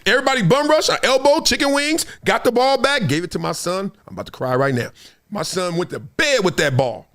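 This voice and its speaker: Animated, high-pitched man telling stories. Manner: storytelling, swings between big high bursts and low asides, laughs often. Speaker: show host. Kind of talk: animated solo commentary.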